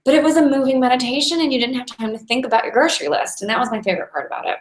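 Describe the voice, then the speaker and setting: A woman's voice: high-pitched, racing. Chatty woman in an echoey room. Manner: chatty and warm, laughs often while telling stories. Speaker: Taoist meditation teacher. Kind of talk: casual inspirational talk. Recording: roomy echo.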